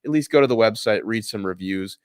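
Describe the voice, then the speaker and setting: A man hosting a daily market livestream, signing off and pitching the channel's premium membership in an upbeat promotional way. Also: brisk, clean tone, no room sound, studio quality. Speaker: show host.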